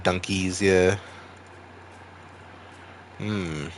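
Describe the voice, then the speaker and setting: Very slow and low, with fairly even intonation, this Maine-accented man streams a game and rambles casually to viewers, cursing freely. Background noise is audible.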